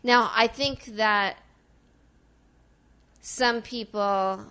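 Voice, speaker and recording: Woman from small-town Illinois, bright, forceful tone, emphatic chatty delivery with a trained, softened regional accent. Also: on the high side, smooth. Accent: southern Illinois, softened by accent training. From small-town Illinois, US Midwest. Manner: animated, emphatic, rapid run-on talk with many "like"s. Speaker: actor and guest. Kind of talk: casual conversation about acting.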